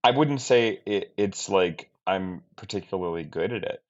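A man who is a film director, giving a candid, reflective interview with halting speech, many restarts and trailing-off phrases. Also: deep voice. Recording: dull lo-fi sound.

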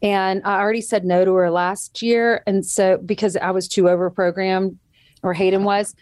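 A woman's voice: mid-range voice, little pitch movement, normal speed, darkish tone, dry recording. A woman in her thirties chatting as a guest and telling a parenting story, quoting others vividly as she goes. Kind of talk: casual chat.

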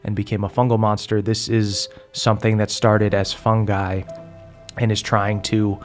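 A young man narrating as a game master in a relaxed way, with many ums and uhs. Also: lowish voice, normal speed, soft background music.

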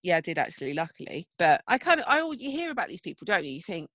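A woman, co-hosting a casual chat, expressive and quick to laugh. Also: lowish voice, no echo, highs cut off. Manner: expressive, laughs easily, playful voices in anecdotes. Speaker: podcast co-host.

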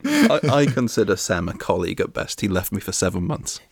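A man with a Northern English accent chatting on a podcast, slightly tipsy. He has a fairly low voice and makes deadpan, self-mocking jokes. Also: brisk. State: tipsy from drinking. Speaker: podcast co-host. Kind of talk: casual chat.

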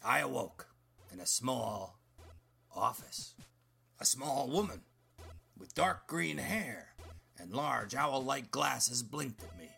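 A storyteller narrating a comic detective tale in the first person, with rambling, deadpan asides. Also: medium pitch, slow, creaky, long pauses.

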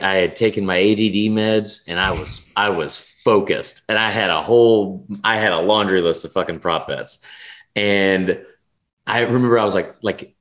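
A young man with a fairly low voice chats loosely on a sports podcast. He rambles and swears, restarting his sentences and filling gaps with "like" and "um." His energy swings up when something excites him. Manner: rambling, profane, lots of restarts and fillers. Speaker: podcast co-host. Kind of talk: casual sports betting chat.

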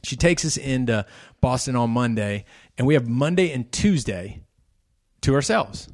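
A middle-aged man chatting casually as a podcast co-host, telling a long story with lively energy. He slips into quoted voices of others as he goes, at an even middle pitch. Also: normal speed. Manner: animated, acts out his son's voice in quotes.

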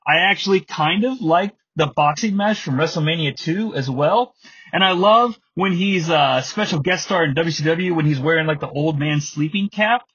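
A man's voice: on the high side, normal speed, a bit bright, husky, lo-fi sound. A man in his thirties hosting a podcast, giving chatty, digressive solo commentary. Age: 30s. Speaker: podcast host.

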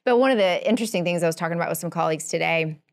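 A woman's voice: on the low side, rapid-fire. A woman hosting a business interview who asks questions in a conversational way, with frequent "you know" fillers. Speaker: interview host.

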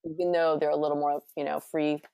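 A middle-aged woman from California, chatting casually and telling a story with animated acted-out quotes. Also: sits low, brisk, vocal fry, no room sound, studio quality. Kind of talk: casual conversation.

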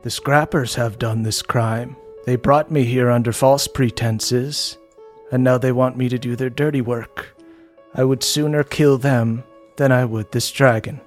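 A man voicing a calm female war priest with tusks, speaking in a measured, solemn way. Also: medium pitch, faint music behind, natural voice.

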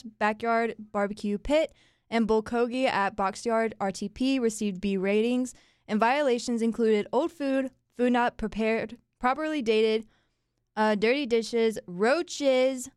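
A woman's voice: a little high, unhurried, clear, resonant tone, no room sound, clean studio sound. A young woman co-hosting a casual local-news podcast, chatty and laughing easily. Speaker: podcast co-host.

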